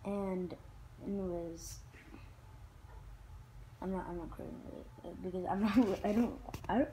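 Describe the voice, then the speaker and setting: A woman talking in a rambling personal vlog, halting with many fillers and restarts. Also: fairly low pitch, fairly even intonation, dark tone, slight background noise, rough recording. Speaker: vlogger.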